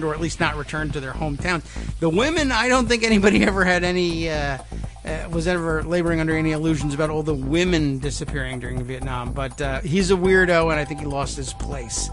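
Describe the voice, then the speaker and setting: A man's voice: on the high side, fairly quick, over music. Wry, meandering male radio talk host. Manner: meandering, wry, with frequent fillers and asides. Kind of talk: casual political talk radio monologue.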